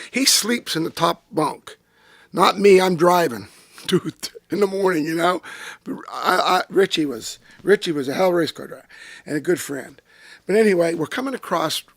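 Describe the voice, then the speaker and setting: Gravelly older man spinning a race yarn. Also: high voice, no echo. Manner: salty, profane, animated storyteller. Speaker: retired race car driver, interview guest. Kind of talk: casual storytelling interview. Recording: dry close-miked studio sound.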